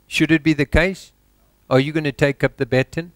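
Delivering a church sermon, this South African pastor exhorts the congregation through rhetorical questions, dropping his voice low to stress points. His tone is steady, his speed normal, and there's no room sound.

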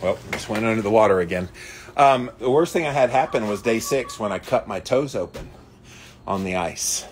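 His pitch sits fairly low, his intonation is lively, and he talks at a normal speed over a faint hiss or hum. He's hosting a relaxed livestream outside, greeting viewers by name and speaking emphatically as chickens cluck nearby.

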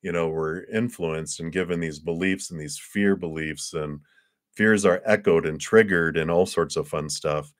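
A man giving live tarot readings in a gentle, rambling way with playful asides. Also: deep voice, normal speed, dry recording, studio quality. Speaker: tarot reader.

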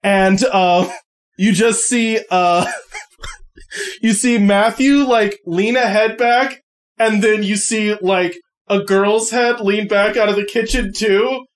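A man's voice: high-pitched, fairly even intonation, slow. A man narrating a tabletop game as game master, casual and rambling with lots of fillers.

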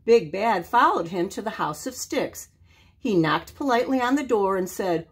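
An older woman reading a children's story aloud, expressive and animated. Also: medium pitch, moderate pace, husky.

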